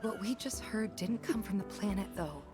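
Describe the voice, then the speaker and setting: A woman's voice: medium pitch, animated, normal speed, dark tone, natural voice. An actress voicing a young woman adventurer in a video game, speaking firmly and insistently. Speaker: game character. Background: game music.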